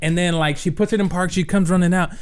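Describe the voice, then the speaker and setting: A man co-hosting a podcast, telling a story in animated casual chat with lots of "like" and "bro", often breaking into laughter. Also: sits high, quick pace, clear, resonant tone. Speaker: podcast co-host.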